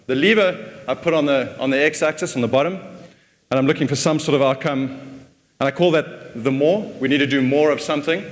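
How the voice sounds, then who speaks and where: A man giving a casual conference talk, often repeating words as he thinks. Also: mid-range voice. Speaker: conference speaker. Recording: long hall reverb.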